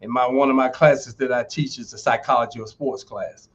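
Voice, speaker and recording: A man's voice: mid-range voice, fairly even intonation, fairly quick, a little hiss or hum. A man in his sixties, a former football player and university instructor, telling stories emphatically as a podcast guest and acting out quoted dialogue. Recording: dull lo-fi stream audio.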